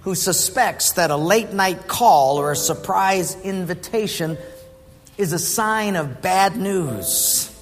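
A man's voice: sits high, animated, slow pace, long reverb tail, faint music behind. A man preaching a sermon in a conversational way and putting questions to the congregation. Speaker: pastor.

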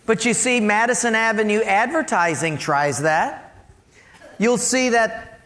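A male pastor preaching a sermon in an animated, emphatic way, asking the congregation questions. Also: high-pitched, measured pace.

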